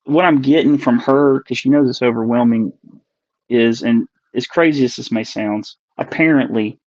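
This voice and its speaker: A man's voice: medium pitch, darkish tone, no echo. A man being interviewed as a guest, earnestly telling a personal encounter story and repeating and reworking his phrases as he searches for words. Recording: dull, dry recording.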